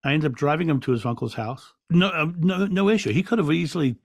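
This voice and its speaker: Calm gravelly man telling stories. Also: on the high side, fast talker, no echo, clean studio sound. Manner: calm, reflective, with frequent restarts and soft laughs. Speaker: podcast guest. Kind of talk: relaxed storytelling in an interview.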